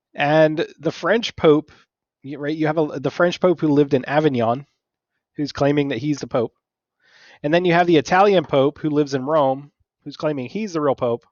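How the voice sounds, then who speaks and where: A man's voice: on the high side, no room sound. Man, history teacher, casual lecture, conversational, acts out figures, checks in with "right?", dull lo-fi audio.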